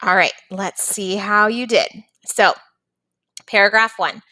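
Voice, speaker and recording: A woman's voice: medium pitch, a little slow, sharp tone, no room sound. A woman teacher patiently walking young students through a phonics and reading lesson, step by step.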